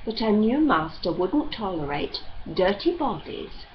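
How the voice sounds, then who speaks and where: A woman reading a novel aloud as narrator in measured storytelling, on a slightly dull recording with faint hiss. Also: medium pitch, sing-song. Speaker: audiobook reader.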